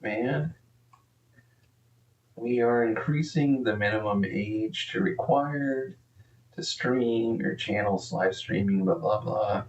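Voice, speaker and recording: Slow-talking streamer man, distant mic. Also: fairly low pitch, roomy sound, lo-fi sound. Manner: profane, rambling, easily exasperated. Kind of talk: casual live-stream commentary.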